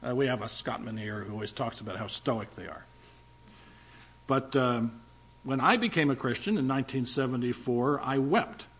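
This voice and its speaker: A man's voice: mid-range voice, normal speed, fairly bright tone, breathy edge, muffled recording. An older male pastor preaching a sermon in a conversational, emphatic way, with asides to the congregation.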